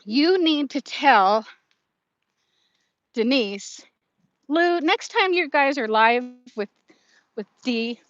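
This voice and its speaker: A woman's voice: fairly high pitch, expressive, takes it slowly, long pauses, dry recording, lo-fi sound. A woman in her fifties chatting casually on a live stream from her phone while she walks outdoors, reading out viewer comments and laughing often. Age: 50s. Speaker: vlogger. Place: outdoors, walking to her car.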